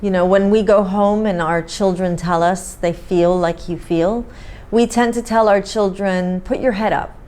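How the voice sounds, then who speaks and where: A woman hosting an interview, speaking in a gentle, reflective way. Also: medium pitch, steady tone, measured pace, clean tone. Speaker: host. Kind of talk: supportive interview talk.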